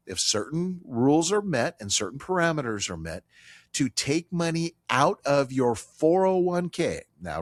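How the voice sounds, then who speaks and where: A man's voice: mid-range voice, dry recording, studio quality. A man hosting a financial talk radio show, speaking emphatically and repeating his key points, with some casual banter with a colleague.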